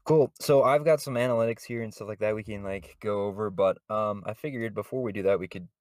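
A man's voice: lowish voice, quick pace, a little mellow, no room sound, studio quality. A man hosting a casual podcast chat, rambling with many fillers and chuckling often. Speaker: podcast host.

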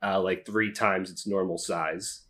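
A player at a tabletop role-playing game talking in a slow, hesitant, casual way. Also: deep voice, steady tone, fairly bright tone. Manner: slow and hesitant, laughing easily.

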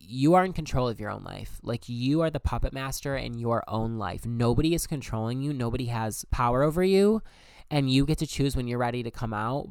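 A young man speaking in a smooth, clean voice, telling his own story in a candid, emphatic monologue. He swears freely, and the sound is dry and close. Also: medium pitch, darkish tone, no room sound. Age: young adult. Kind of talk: personal monologue.

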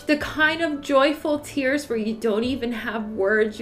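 Lady vlogging through tears, slow and a bit high, faint music behind. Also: a bit bright. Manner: emotional, tearful, sighing, gushing with joy. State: crying. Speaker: Bible study channel host. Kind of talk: casual vlog, showing old Bibles.

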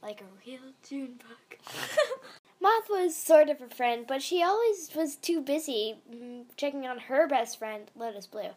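A woman's voice: high voice, animated, unhurried, a little mellow. A woman reading a fan story aloud in a meandering way, with casual asides and fillers. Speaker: fan fiction reader.

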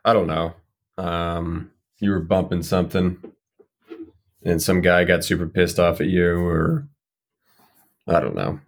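A man's voice: low voice, steady tone, measured pace, long pauses. A man in casual chat, teasing and laid-back with a friend.

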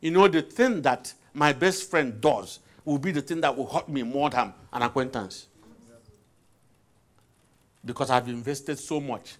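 A man's voice: mid-range voice, a little slow. A man preaching a sermon, asking his listeners questions and repeating phrases for emphasis.

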